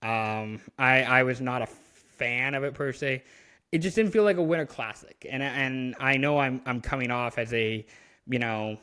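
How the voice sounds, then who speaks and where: With a mid-range voice that is bright, forceful, clear and resonant, a Canadian podcast co-host talks hockey at a moderate pace. It's casual sports chat, rambling with many fillers and restarts.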